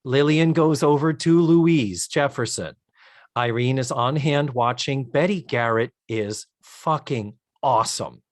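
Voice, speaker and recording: A man co-hosting a casual podcast, recapping a sitcom episode in an animated way, swearing and laughing often and slipping into voices for the characters. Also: medium pitch, measured pace, dry recording, clean studio sound. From United States. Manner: animated, acts out characters' lines in funny voices. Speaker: podcast co-host.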